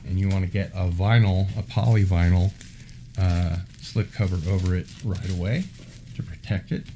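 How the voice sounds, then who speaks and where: A man hosting a casual unboxing video, talking in an unhurried way with wry asides. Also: sits low, steady tone, mellow, slight background noise. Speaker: unboxing vlog host.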